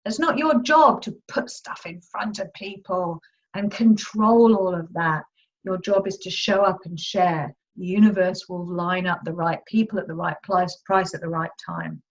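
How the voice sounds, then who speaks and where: Speaking a little slowly in a lowish voice, a woman money mindset coach runs a live online masterclass, keeping things chatty, upbeat, and casual. The sound comes through a video call and is dull and lo-fi.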